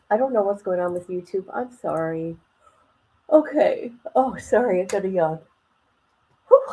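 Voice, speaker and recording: Woman streamer just chatting slow and loose, reads comments, laughs a lot, normal pitch. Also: animated, dark tone, breathy edge, poor audio. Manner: chatty, colloquial, laughs often; reads viewer comments aloud. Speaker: livestream host. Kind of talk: casual livestream chat.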